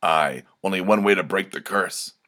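Man doing a gruff troll. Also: deep voice, moderate pace, sharp tone. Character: gruff little male forest troll.

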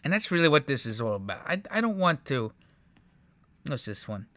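A man breaking down football highlights in a casual, profane, exasperated rant. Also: big pitch swings, moderate pace, pushed and bright, no echo. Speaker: sports commentator reacting to highlights.

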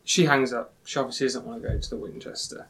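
A man's voice: medium pitch, fairly even intonation, fast, fairly bright tone. A man hosting a casual chat about a film, recapping scenes with frequent ums. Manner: leads the talk, recaps scenes with many ums. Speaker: podcast host.

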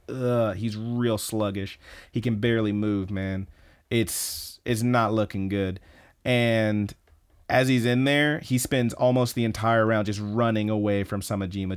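A man co-hosting a podcast, casually retelling a story with lots of swearing and quoted lines. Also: fairly low pitch. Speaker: podcast co-host. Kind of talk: casual recap chat.

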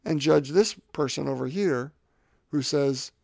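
Man, fifties, podcast host, rough gravelly voice, dry close sound, rambling reflective talk. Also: on the high side, measured pace, a little mellow, no room sound. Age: 50s. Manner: rambling, repeats words while thinking.

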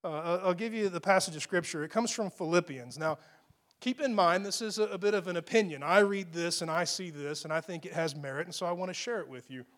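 A man's voice: high voice, brisk, fairly bright tone. A man preaching a conversational, self-deprecating sermon that builds to emphatic peaks. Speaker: pastor.

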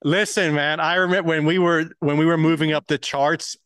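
A man with a mixed accent talks in loose, rambling podcast chat, swearing freely as he works through his thoughts. His voice sits a touch high for a man. The sound is close and dry, with no room ring. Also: fairly quick, smooth, no room sound. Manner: rambling, profane, animated musing. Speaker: podcast co-host. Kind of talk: casual chat.

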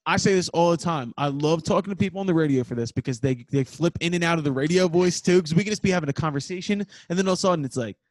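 Man, Philadelphia accent, rapid-fire talk, slightly high voice, dry close mic. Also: dry recording. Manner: fast, excitable, jokey, swears casually. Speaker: podcast host. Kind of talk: casual podcast chat.

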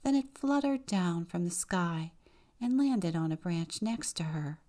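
A woman deacon reading a children's picture book aloud in a measured, expressive way. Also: fairly low pitch.

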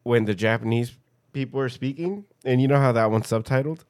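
Mid-pitched rambling man, dry sound. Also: fairly quick, darkish tone, dry recording. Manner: profane, rambling, casual. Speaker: podcast co-host. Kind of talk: casual chat.

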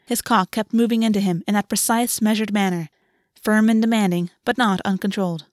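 A woman narrating a fantasy novel in a measured, even reading. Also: mid-range voice, dry recording, studio quality. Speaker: audiobook narrator. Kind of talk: scripted narration.

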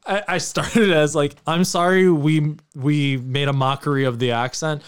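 Laid-back, smooth-voiced American podcast host. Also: male voice, a little high, normal speed. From United States, New York area. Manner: joking, swears freely, laughs often. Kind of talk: casual chat.

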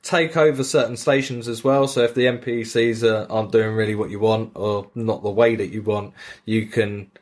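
A man's voice: fairly low pitch, steady tone, moderate pace. A man, co-hosting a casual gaming podcast, telling crude jokes and swearing freely. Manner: crude, joking storyteller who swears freely; acts out game dialogue in quoted voices. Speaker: podcast co-host. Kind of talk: casual chat.

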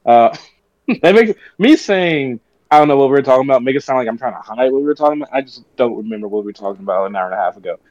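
Male podcast co-host, animated rambling delivery, dry and dull lo-fi recording. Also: mid-range voice, fast talker, no room sound. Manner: rambling, animated storytelling rants. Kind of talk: casual podcast chat.

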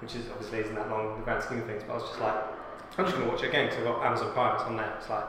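A man's voice: fairly low pitch, completely flat delivery, very fast, background noise. A man in a casual group chat, chatty and full of fillers. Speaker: podcast guest. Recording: echoey room.

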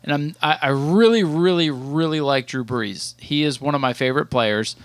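A man's voice: on the high side, normal speed, no echo. A man co-hosting a podcast in casual chat, teasing and joking with his co-host.

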